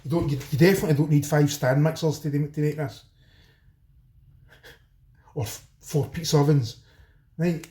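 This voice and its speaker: A man's voice: fairly high pitch, normal speed, pauses often, warm tone. A Scottish man hosting a home cooking video, chatting cheekily to his viewers as he works in his kitchen. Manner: chatty, cheeky, talks straight to viewers as folks. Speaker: home cooking channel host. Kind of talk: casual cooking demo talk. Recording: roomy echo, faint background noise.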